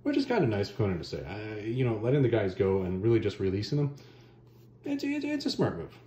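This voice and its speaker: A man casually retelling a comic story as a reviewer, animated and slangy, with offhand asides. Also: lowish voice, quick pace, roomy sound, slight background noise.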